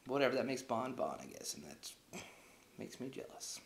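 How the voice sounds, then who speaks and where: A man's voice: medium pitch, very animated, moderate pace, gravelly, slight background noise. Young male reviewer retelling a plot casually and loosely, recorded in an echoey room. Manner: rambling, heavy on filler words. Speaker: movie reviewer. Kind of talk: casual movie recap.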